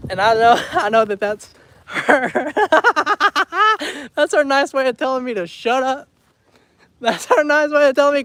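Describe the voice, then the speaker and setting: A man's voice: very high-pitched, animated, normal speed, a bit bright, no echo. A man chatting casually on a home livestream, rambling and laughing often as he talks to his viewers. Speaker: homestead vlogger. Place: indoors at home.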